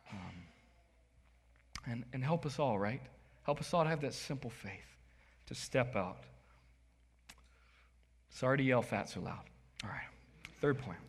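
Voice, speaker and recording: A man preaching a sermon as pastor, animated, swinging between soft asides and sudden loud bursts. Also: mid-range voice, moderate pace, long pauses. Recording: long hall reverb.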